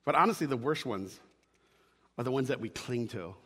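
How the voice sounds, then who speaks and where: A man's voice: mid-range voice, expressive, normal speed, fairly bright tone, breathy edge, long reverb tail. A man preaching a sermon, emphatic, repeating his key lines and checking in with "right?". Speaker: pastor.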